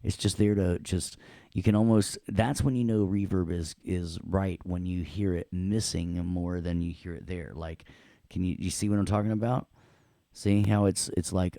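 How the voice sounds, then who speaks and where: A man teaching audio production in a playful, joking way, walking through a software demo. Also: deep voice, steady tone, moderate pace, dry recording. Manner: playful, joking, repeats "check it out". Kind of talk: live software demo lecture.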